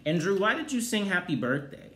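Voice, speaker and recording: A man giving a sassy, profane recap of a reality show, with loud exclaimed outbursts. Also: high-pitched, very animated, a little fast. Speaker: TV recap host. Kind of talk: casual review commentary. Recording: roomy echoey room.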